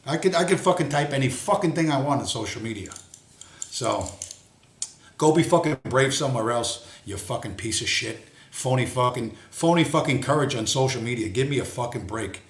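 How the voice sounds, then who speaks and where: A man hosting a livestream, giving an angry, profane monologue and swearing bluntly throughout. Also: medium pitch. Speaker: livestream host. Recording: roomy echo.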